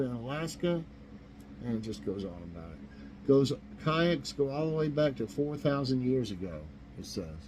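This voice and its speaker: A man's voice: a little high, darkish tone, slight background noise, poor audio. A man hosting a casual morning chat show from his kitchen, rambling and chuckling at his own jokes. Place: home kitchen.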